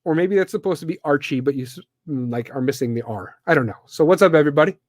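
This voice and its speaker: Man from the Midwestern US, podcast host, live rant, blunt and profane, fairly high voice, dry close sound. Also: animated, fast, a little mellow, no room sound.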